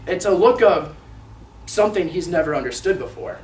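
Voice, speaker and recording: A young man tells a sermon story, dropping to whispers and then shouting as he acts out a boy's lines. His voice sits fairly high. He is heard from some distance in a reverberant room with a faint hiss underneath. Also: lively intonation, brisk. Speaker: student preacher. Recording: echoey room, mic at a distance.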